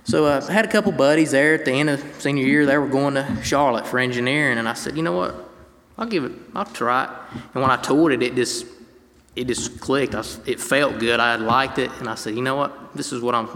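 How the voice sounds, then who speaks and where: Young man from North Carolina, mid-pitched, earnest testimony speaker reading scripture to a congregation; long hall reverb. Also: a little fast, fairly bright tone. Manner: earnest, conversational, reads scripture aloud. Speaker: speaker giving a faith testimony.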